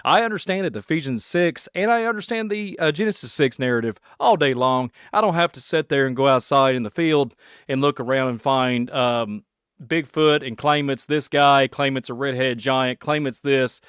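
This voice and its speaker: A man from Kentucky with a Southern accent, hosting a rambling solo podcast, excitable and laughing often as he jumps between topics. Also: medium pitch, normal speed, clean tone, no room sound, studio quality. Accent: Kentucky Southern American. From Kentucky, USA. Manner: excitable, laughing, puts on silly voices. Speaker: podcast host.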